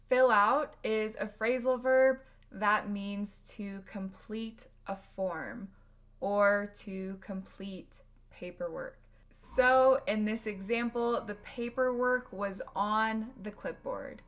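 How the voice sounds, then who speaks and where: An American woman teaching English pronunciation, drilling words slowly and repeating them for practice. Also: mid-range voice, fairly bright tone.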